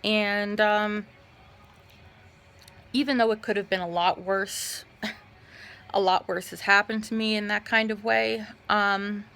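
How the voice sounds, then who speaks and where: A young woman talks to her vlog audience while lounging in bed, recounting a personal experience. Her voice has a gravelly vocal fry at mid pitch, and she speaks haltingly, pausing often and filling gaps with "um.". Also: steady tone, bright, forceful tone. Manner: halting, with frequent fillers and pauses. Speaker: vlogger. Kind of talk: casual personal storytelling.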